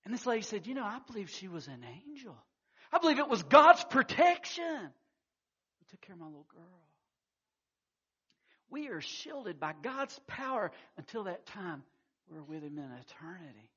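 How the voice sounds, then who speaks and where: A pastor preaching a sermon, telling stories in a folksy way with frequent stammered restarts. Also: male voice, high voice, big pitch swings, normal speed, fairly bright tone, husky. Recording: muffled lo-fi recording.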